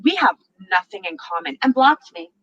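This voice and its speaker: A woman's voice: high-pitched, moderate pace, creaky, muffled recording. A woman hosting a talk show, chatting casually and acting out what others said, laughing often. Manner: animated, acts out quotes, laughs often. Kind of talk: casual storytelling chat.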